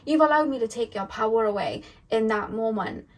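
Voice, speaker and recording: A woman voicing a stern female spirit energy that lectures slowly and insistently. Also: fairly high pitch, distant mic, lightly acted. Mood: lecturing. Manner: slow, insistent, repetitive.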